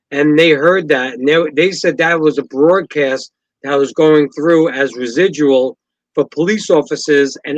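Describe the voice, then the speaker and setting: A man with a fairly high voice talks earnestly in a casual podcast chat. His sound is dry and close, with no room echo. He speaks from the heart and sometimes falters. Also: lo-fi sound. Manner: earnest, heartfelt, slightly halting.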